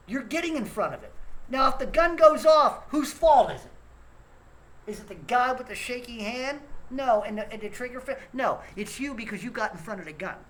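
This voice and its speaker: Angry male rant host, blunt and profane, wide swinging pitch, faint noise behind. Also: a bit bright, low-quality recording. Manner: blunt, profane, repeats himself, scolds the listener. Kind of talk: angry ranting monologue.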